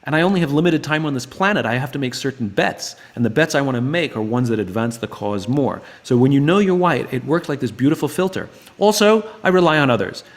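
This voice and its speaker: A man hosting a live book club Q&A, with an ordinary middle-range voice. He thinks out loud and often restarts his sentences. He acts out both sides of conversations. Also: medium pitch, animated, fast talker, hardly any pauses. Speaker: host of an online book club. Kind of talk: live Q&A talk to viewers.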